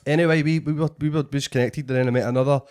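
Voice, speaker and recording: A man's voice: on the high side, very fast, clean tone. Scottish man telling a swearing story. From Scotland. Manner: swears a lot, animated storyteller. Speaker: podcast host and comedian. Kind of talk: casual storytelling chat.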